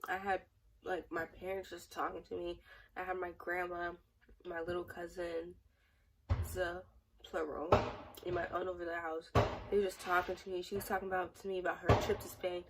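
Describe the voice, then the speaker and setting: A woman's voice: fairly low pitch, flat delivery, normal speed, far from the mic, very noisy. A young woman in a casual storytime vlog, rambling and chatty with many fillers. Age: young adult. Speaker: vlogger.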